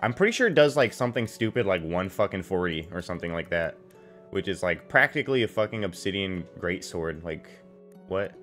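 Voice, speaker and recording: A man's voice: low-pitched, animated, brisk, a bit bright. Foul-mouthed man rambling over gameplay. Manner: profane, rambling, lots of fillers. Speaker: game streamer. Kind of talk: casual gameplay commentary. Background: faint game music.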